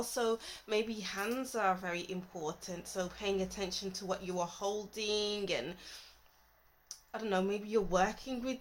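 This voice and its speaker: A woman's voice: medium pitch, slight background noise, rough recording. A woman giving a casual tarot reading, thinking aloud and musing as she lays out cards. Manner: thinking aloud, musing, trailing off mid-thought. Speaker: tarot reader.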